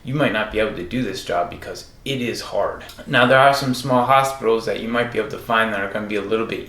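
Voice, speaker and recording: A man who works as a travel nurse, hosting his own show in a relaxed monologue with lots of fillers. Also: lowish voice, gravelly, slight background noise. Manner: relaxed, filler-heavy speech. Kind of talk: casual solo show monologue.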